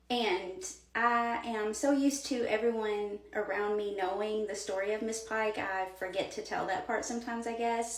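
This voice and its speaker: Woman, thirties, rambling casual storytelling, phone mic, at home. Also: medium pitch. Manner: rambling, full of "like" fillers. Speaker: vlogger.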